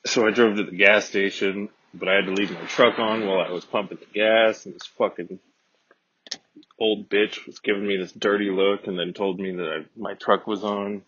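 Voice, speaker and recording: A man casually telling a rambling, profane, deadpan comedic story as a podcast host. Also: lowish voice, moderate pace, husky. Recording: dull lo-fi dry recording.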